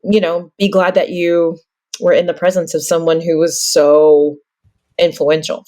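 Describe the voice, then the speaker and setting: A woman's voice: fairly low pitch, little pitch movement, measured pace, warm tone. A woman hosting a podcast in casual chat, steering the talk with encouraging remarks. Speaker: podcast host.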